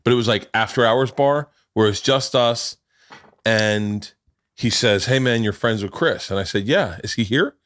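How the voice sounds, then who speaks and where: A man's voice: lowish voice, normal speed, a bit bright, no room sound, studio quality. A middle-aged man hosting a podcast, rambling through casual stories and acting out quotes, swearing freely. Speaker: podcast host. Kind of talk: casual chat.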